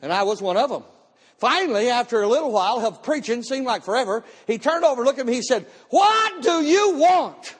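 A pastor with a very high voice tells his testimony from the pulpit, animated and bursting into shouts now and then. His voice rings on in the long reverb of a church hall. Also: quick pace, breathy edge. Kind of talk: testimony sermon. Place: church sanctuary, live service.

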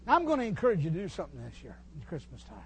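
An older man preaching a folksy sermon in a church, teasing his congregation and pausing to restart his sentences. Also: on the high side, huge pitch swings, slightly rough. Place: church hall.

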